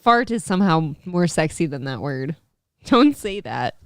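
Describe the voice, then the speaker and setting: A woman's voice: low voice, very animated, unhurried, no room sound, studio quality. A woman co-hosting a casual chat show, teasing and laughing easily. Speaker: co-host.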